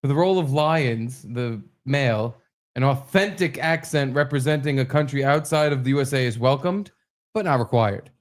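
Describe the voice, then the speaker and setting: A man co-hosting a comedy podcast, bantering with a wry, teasing deadpan while reading a script aloud. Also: medium pitch, normal speed. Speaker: podcast co-host.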